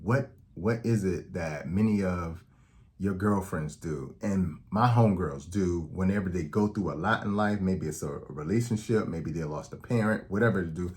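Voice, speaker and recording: A man's voice: sits low, moderate pace, a little mellow. A man talking to camera as a health educator, conversational and explanatory, often checking in with "okay?". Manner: acts out quoted dialogue in anecdotes. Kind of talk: direct-to-camera talk.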